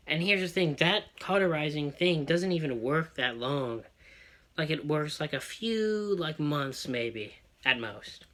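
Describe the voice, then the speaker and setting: A man telling a personal story as a rant, excitable and full of swearing. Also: mid-range voice. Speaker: vlogger.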